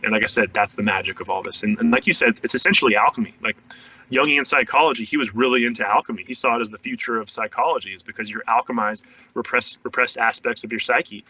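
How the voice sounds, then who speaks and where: A man's voice: mid-range voice, fairly even intonation, quick pace, sharp tone, breathy edge, recorded from a distance, poor audio. A man, a shadow work coach, talking earnestly in a casual podcast interview, full of "like" fillers and restarts.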